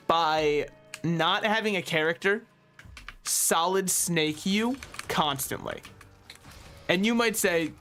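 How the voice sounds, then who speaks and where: A young man streaming a game, chatting casually and ranting animatedly with quick asides and frequent laughs. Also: on the high side, fairly bright tone. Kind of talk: casual gaming stream chat.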